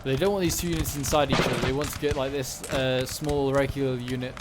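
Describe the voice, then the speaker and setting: A gaming commentator casually narrates a video game battle, thinking out loud with plenty of fillers and self-corrections. His mid-range voice is fairly even and quick, and the recording is very noisy, with loud gunfire and battle sounds from the game underneath.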